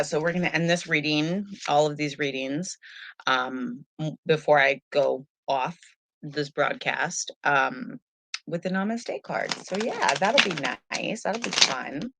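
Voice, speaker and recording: A woman's voice: low-pitched, gravelly, bright, forceful tone. A woman hosting a live tarot stream at home, chatting in a rambling, easygoing way into a webcam. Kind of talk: casual live stream chat.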